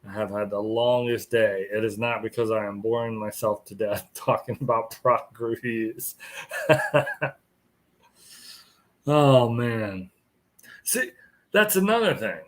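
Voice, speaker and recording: A man's voice: medium pitch, a bit bright. A tired man hosting a casual live stream chat, rambling and chuckling as he greets viewers. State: tired, yawning.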